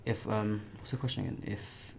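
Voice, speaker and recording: A man's voice: lowish voice, steady tone, normal speed, gravelly, background noise. A man co-hosting a book podcast, easygoing and hesitant with fillers in casual chat. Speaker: podcast co-host.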